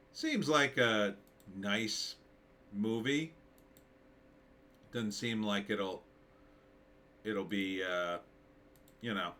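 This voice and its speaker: Fairly low in pitch yet bright and forceful, this screenwriter's voice carries loose, filler-heavy commentary as he thinks his way through a movie trailer.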